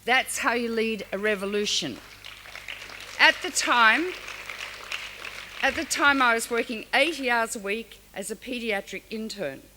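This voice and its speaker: A slightly high voice at a measured pace, broken by long pauses, belongs to an older woman from Australia speaking at an award ceremony. She tells stories frankly with animated side remarks, and the big hall leaves long reverb and a faint hiss on the audio.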